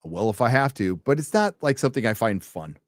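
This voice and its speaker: A man's voice: mid-range voice, big pitch swings, quick pace, dry recording, clean studio sound. A man hosting a casual late-night livestream, reading out viewer donations and rambling with wry, profane asides.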